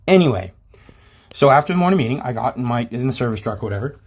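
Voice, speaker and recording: A man recounting a workplace run-in in a loose, rambling way, cursing often and sounding indignant. His voice sits at an ordinary middle pitch, and he talks directly to the people listening. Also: expressive, quick pace. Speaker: channel host recounting a workplace incident. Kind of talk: casual storytelling to camera.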